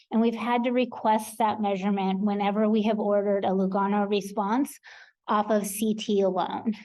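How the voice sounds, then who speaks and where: American woman presenter, mellow voice, practical explainer at a conference talk. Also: medium pitch, poor audio. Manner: practical, explanatory, with frequent ums. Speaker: research coordinator presenter. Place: conference hall.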